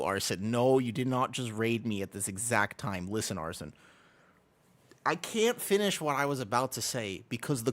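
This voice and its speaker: A young man streaming a video game, chatting casually and rambling to his viewers, laughing often. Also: mid-range voice. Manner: rambling, animated, laughs often, talks to chat. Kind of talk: casual livestream chat while gaming.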